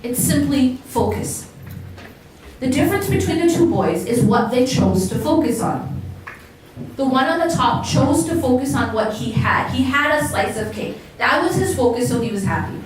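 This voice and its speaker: A woman's voice: high-pitched, big pitch swings, moderate pace. A woman giving a religious lecture to a live audience, talking conversationally and asking the listeners questions. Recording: echoey hall, voice from far off, faint noise.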